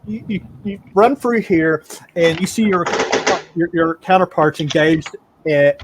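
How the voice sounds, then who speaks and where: Halting man running a tabletop game. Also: on the high side, noisy background. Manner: halting, repeats words, laughs often. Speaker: game master. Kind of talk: narrating a tabletop game over voice chat.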